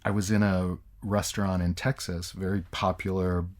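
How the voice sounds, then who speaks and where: Relaxed, halting, low-voiced man teaching. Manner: relaxed, halting, with many fillers and restarts. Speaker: co-host, English teacher. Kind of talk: casual educational chat.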